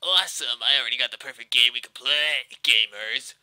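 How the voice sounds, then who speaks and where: A man's voice: mid-range voice, brisk, pushed and bright, smooth, dry recording, low-quality recording. A man voicing an eerie computer voice that fakes a friendly young male hedgehog, in a playful, childlike, falsely cheerful manner. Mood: chirpy.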